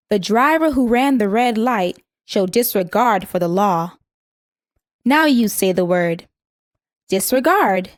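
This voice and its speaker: A woman reading a scripted vocabulary lesson in a measured way, saying each word twice so learners can repeat it. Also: on the high side, no echo, clean studio sound. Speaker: vocabulary instructor.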